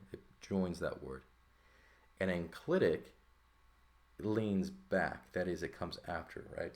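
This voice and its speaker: A man's voice: low-pitched, darkish tone. A man teaching a Greek grammar lesson, explaining terms casually and often checking in with "right?" as he goes. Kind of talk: casual textbook lesson walkthrough.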